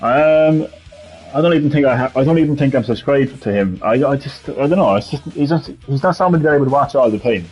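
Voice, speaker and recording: A man's voice: mid-range voice, expressive, fast, a little mellow, husky, soft background music, poor audio. An Irish man giving casual, rambling gameplay commentary while answering chat as a streamer. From Ireland. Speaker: gaming streamer.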